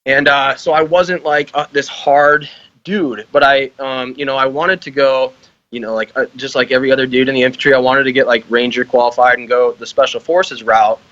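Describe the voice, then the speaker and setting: A man's voice: medium pitch, steady tone, a little fast, fairly bright tone, no echo, muffled recording. Laughing, swearing young man guest. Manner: laughing, heavy swearing, loose rambling. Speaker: podcast guest, army veteran. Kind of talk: casual podcast chat.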